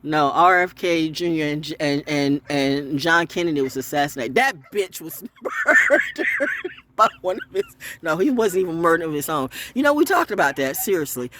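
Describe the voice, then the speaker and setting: Lively, profane woman ranting off the cuff. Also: moderate pace, slight background noise. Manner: profane, swinging from loud highs to low mutters. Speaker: online storyteller and broadcaster. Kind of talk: unscripted ranting monologue.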